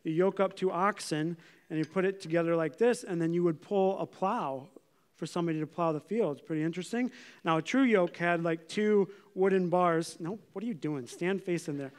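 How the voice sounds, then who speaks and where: A male pastor with a high voice gives a sermon in a church. He speaks in a casual, conversational way and often stops to ask his listeners questions. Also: brisk, a little mellow. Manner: conversational, uses props and questions the congregation.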